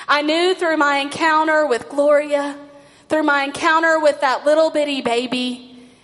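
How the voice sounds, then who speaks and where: A woman pastor preaching a sermon in slow storytelling cadence, drawing out the ends of her phrases. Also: sits high, a bit bright. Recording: long hall reverb.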